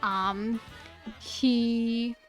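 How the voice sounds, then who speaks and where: Young woman streamer, slightly high voice, unhurried, gushing fan talk full of restarts, faint music behind. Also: steady tone. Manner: gushing, stammering with many repeated words. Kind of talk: casual chat about a favorite anime.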